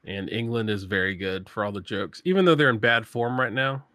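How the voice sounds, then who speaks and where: A man in a casual chat, opinionated and quick to laugh. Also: fairly low pitch, sharp tone, no room sound. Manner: chatty, opinionated, laughs often.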